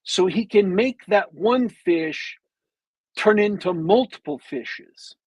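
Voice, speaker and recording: Slow, husky man with a cold. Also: high-pitched, dry recording, dull audio. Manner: meandering, detailed storyteller with long pauses. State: has a bad cold. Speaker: podcast co-host. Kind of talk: casual chat, retelling a movie plot.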